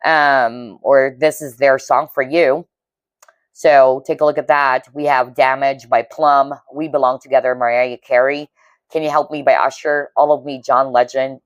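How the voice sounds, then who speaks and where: Woman, low-pitched, earnest empathic tarot reader, dry close recording. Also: dry recording, highs cut off. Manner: earnest, intuitive, frequent "okay?" check-ins; emotionally moved, empathic. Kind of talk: pick-a-card tarot reading.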